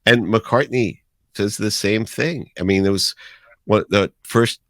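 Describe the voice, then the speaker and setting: A man in his sixties, a radio DJ as a guest, telling animated anecdotes in casual conversation. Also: lowish voice, a little slow, no room sound, clean studio sound. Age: 60s. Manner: animated anecdotes with acted-out quotes. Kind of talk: casual storytelling.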